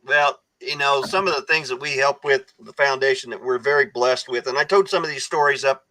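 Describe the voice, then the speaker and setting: Earnest man telling stories, bright voice. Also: medium pitch, fairly even intonation, brisk, rough recording. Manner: earnest storyteller with frequent restarts. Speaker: guest, foundation founder. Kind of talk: casual podcast conversation.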